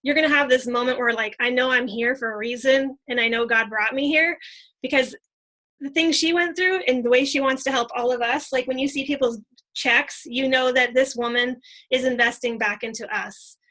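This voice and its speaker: A woman leading a casual team training talk, excited and chatty, full of fillers. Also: high-pitched, moderate pace, rough recording. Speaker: team leader.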